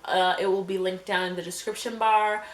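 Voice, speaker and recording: A young woman telling a story on her vlog in a scattered, animated way, filled with fillers and acted-out quotes. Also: medium pitch, fairly quick. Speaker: vlogger. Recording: echoey room with faint hum.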